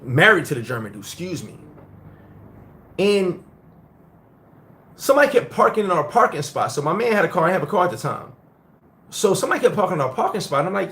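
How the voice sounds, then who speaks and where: Man, middle-aged, from the United States, host, casual live-stream chat, blunt, profane, animated storytelling, slightly higher voice. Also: a little fast, long pauses.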